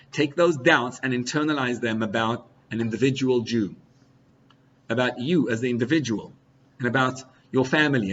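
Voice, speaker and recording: A man giving a sermon as a rabbi, animated, swinging between loud outbursts and quiet asides, with Hebrew and Yiddish terms mixed in. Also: mid-range voice. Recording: slightly dull recording with faint hiss.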